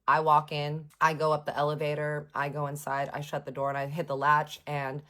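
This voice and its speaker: A woman telling a personal story in a casual, animated, sarcastic way, with frequent swearing. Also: sits low, fairly quick. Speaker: vlogger.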